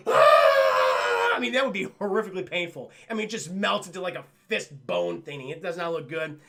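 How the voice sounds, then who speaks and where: Young guy streaming a movie recap, high bright voice with gravel in it, swears a lot and acts out scenes. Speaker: streamer reviewing a film. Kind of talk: casual livestream recap to chat.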